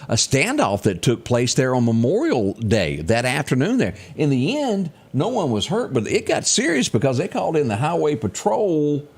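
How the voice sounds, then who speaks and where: Lively folksy man. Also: medium pitch, moderate pace, hardly any pauses, slightly rough. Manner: folksy, joking, animated delivery. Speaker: co-host of a local news talk show. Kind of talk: casual news chat.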